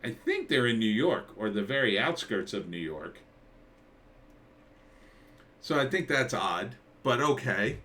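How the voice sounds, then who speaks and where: Bright-voiced rambling man ranting. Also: big pitch swings, unhurried, long pauses. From New Jersey. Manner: rambling, sardonic, jumps into mock-surprised high quotes. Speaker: commentator. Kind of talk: casual trailer reaction rant.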